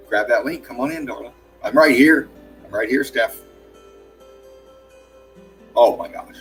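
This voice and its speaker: A man hosts a casual livestream, heaping praise on each viewer who turns up. He talks at a middle pitch, calls people darling and laughs often. Faint music plays underneath. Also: a bit bright. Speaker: livestream host. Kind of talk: casual livestream shout-outs.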